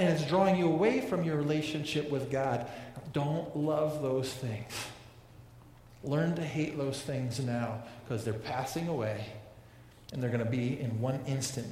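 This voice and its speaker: A man's voice: mid-range voice, darkish tone, a little hiss or hum. A man preaching a sermon as pastor, earnest and prone to repeating words and restarting his sentences. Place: large church hall. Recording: echoey hall with long reverb.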